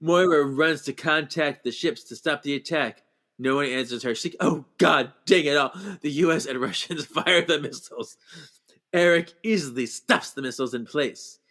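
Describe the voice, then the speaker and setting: A man's voice: a little high, normal speed, a bit bright. Laughing man recapping a film plot. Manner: playful, acts out characters' lines while recapping, laughs often. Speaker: podcast co-host. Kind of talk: casual movie recap chat.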